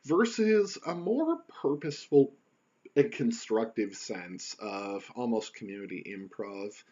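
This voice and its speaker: A man's voice: on the low side, sing-song, slow pace, darkish tone, breathy edge, lo-fi sound. A man hosting a casual solo podcast from his computer at home, rambling in a wry, joking way. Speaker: podcast host.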